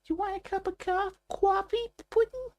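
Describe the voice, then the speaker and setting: A man putting on a squeaky, very high New York cartoon mouse voice with a put-on New York accent. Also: steady tone, moderate pace. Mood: sweet-talking.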